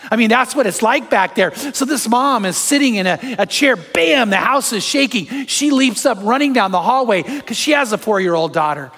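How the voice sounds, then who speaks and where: A pastor preaching a sermon to a congregation, his voice going from loud storytelling down to soft, hushed appeals. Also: extremely high pitch, lively intonation, normal speed, few pauses. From California. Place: large church hall. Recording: long hall reverb.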